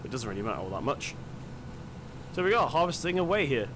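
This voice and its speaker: A man's voice: medium pitch, big pitch swings, fast, noisy background. A man giving casual let's-play commentary, chatty and self-deprecating, thinking aloud as he plays. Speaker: gaming channel host.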